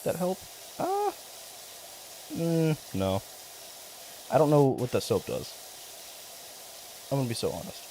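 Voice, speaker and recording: A man's voice: mid-range voice, wildly swooping pitch, slow, long pauses, dark tone, a little hiss or hum. A young man live-streaming a game, rambling and swearing casually as he banters with his chat in mock outrage. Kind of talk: casual live-stream commentary while gaming.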